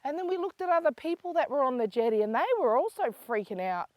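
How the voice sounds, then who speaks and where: An older woman from South Australia with an Aboriginal Australian English accent, telling a story for children in a lively voice that moves from hushed to excited. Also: high-pitched, fast, no echo, lo-fi sound. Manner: lively, swings between hushed and excited calls.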